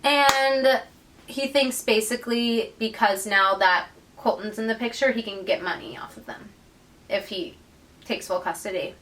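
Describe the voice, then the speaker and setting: A woman's voice: on the high side, measured pace, recorded from a distance, slight background noise, rough recording. A woman co-hosting a podcast, casually retelling a book's plot and acting out the characters' lines. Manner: animated storyteller, acts out characters' lines. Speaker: podcast co-host.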